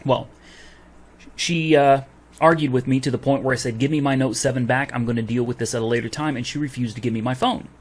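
A man's voice: medium pitch, fairly even intonation, fairly quick, breathy edge. A man venting to camera about a phone refund, heated and swearing as he retells his argument with a store clerk. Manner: heated, swears, recounts dialogue. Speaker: vlogger. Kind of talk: angry customer rant to camera.

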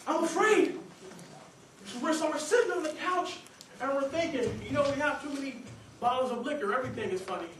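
A young man giving a humorous contest speech, acting out scenes with lively energy. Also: extremely high pitch, fast, a little hiss or hum. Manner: animated, acts out scenes and voices. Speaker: contest speaker. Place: meeting hall stage. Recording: echoey hall, distant mic. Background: audience laughter.

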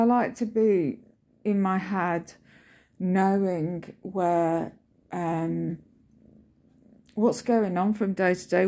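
A woman's voice: mid-range voice, creaky, a little mellow. A woman chatting casually at home, cooing to her cat between stories about waiting on workmen. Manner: chatty, coos in baby talk to the cat. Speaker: vlogger. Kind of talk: casual chat to camera while petting cats. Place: home, indoors.

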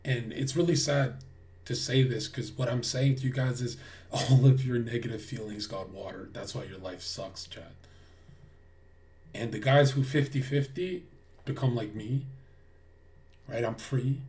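A man's voice: mid-range voice, unhurried, long pauses, darkish tone, recorded from a distance. Blunt, profane male streamer ranting. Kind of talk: livestream rant to chat.

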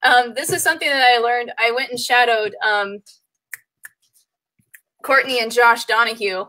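A woman dog trainer chatting casually, animated, laughing often and acting out her clients' voices. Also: a little high, normal speed, rough recording. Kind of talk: casual chat.

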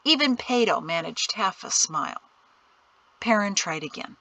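A woman reading a novel aloud as an audiobook narrator, in a measured, steady storytelling manner. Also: medium pitch, dry recording, poor audio. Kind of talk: scripted narration.

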